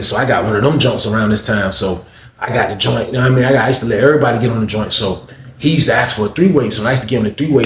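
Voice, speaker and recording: Laid-back man telling a slang-heavy story. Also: mid-range voice. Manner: laid-back street slang, says "man" a lot, acts out quoted voices. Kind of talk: casual storytelling. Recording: echoey room with faint hiss.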